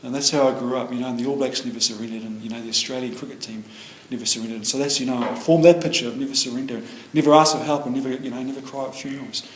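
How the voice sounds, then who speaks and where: This AA speaker, a middle-aged New Zealander, tells his recovery story very fast, with few pauses and a rambling flow of fillers and restarts. His medium-pitched voice keeps a fairly even intonation. The meeting room sounds echoey, with slight background noise.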